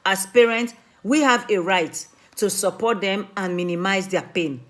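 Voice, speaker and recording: Woman from africa giving a community talk, pleading and emphatic, keeps repeating her point, mid-pitched voice. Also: unhurried, a bit bright. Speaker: community speaker and mother. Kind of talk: earnest public talk.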